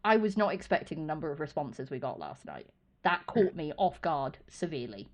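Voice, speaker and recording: A woman hosting a casual podcast chat, animated and swearing freely as she acts out exchanges. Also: sits low, a little fast. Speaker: podcast host.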